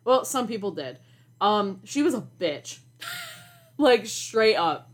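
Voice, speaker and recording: A young woman tells a college story on a podcast in a loose, casual way. She sounds exasperated and animated, and she swears and laughs as she goes. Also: medium pitch, slow. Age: young adult. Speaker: podcast co-host.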